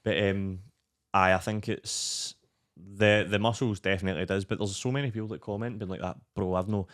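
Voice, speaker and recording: A young Scottish man guesting on a podcast tells rambling, sweary stories in casual, animated chat, his voice fairly low and a little fast.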